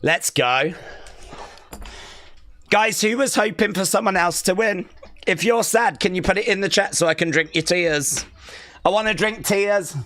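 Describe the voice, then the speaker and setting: Young Aussie streamer, high bright voice, unhurried chat between cheers. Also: male voice. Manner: screams and cheers, reads chat aloud. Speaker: live stream host. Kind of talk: excited wrestling watch-along.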